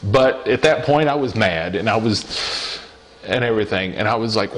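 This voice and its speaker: A man's voice: mid-range voice, animated, a bit bright. Earnest man telling a personal testimony. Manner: earnest storytelling, repeats phrases, slows for emphasis. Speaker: lay preacher.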